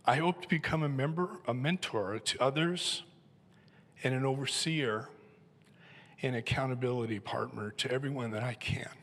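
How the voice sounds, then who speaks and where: A man's voice: mid-range voice, normal speed, a bit bright, long reverb tail. A seventy-year-old man from Southern California, humbly and emotionally introducing himself as an elder candidate on a church stage with a handheld mic. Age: 70s. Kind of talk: personal testimony on stage. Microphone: handheld microphone.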